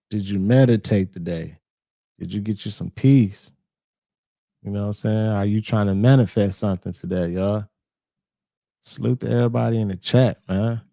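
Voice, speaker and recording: A man's voice: lowish voice, gravelly, warm tone, no echo, studio quality. Laid-back man reacting on stream. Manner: laid-back, slangy, greets the chat by name. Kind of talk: casual reaction stream chat.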